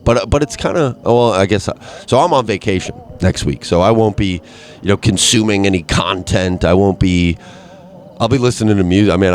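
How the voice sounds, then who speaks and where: A man's voice: on the low side, a little mellow. A man hosting a solo comedy podcast from his basement, rambling and self-mocking, and working himself up into exasperated rants. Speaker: podcast host. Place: home basement.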